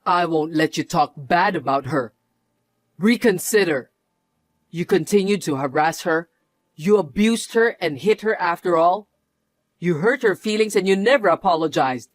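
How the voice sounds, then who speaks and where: A man's voice: high voice, normal speed, no echo, lightly acted. An actor playing a mocking, controlling young husband who laughs often as he sneers. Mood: scolding. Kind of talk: narrated drama acting.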